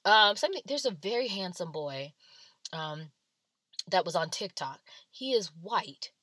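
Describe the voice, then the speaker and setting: A woman's voice: fairly low pitch, lively intonation, a little slow, a bit bright, dry recording. A woman giving casual, blunt and sarcastic celebrity gossip commentary.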